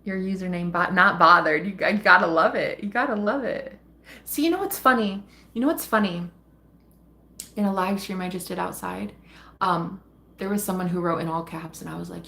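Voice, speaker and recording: Chatting loosely with her audience on a tarot live stream, this woman swears without restraint, laughs quickly, and warmly addresses people as honey and sweetheart. Her medium-pitched voice is gravelly, pushed, and bright.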